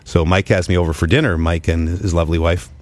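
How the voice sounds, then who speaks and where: Low fast-talking man. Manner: rambling storyteller, jumps up in pitch when excited. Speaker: podcast co-host. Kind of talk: casual chat.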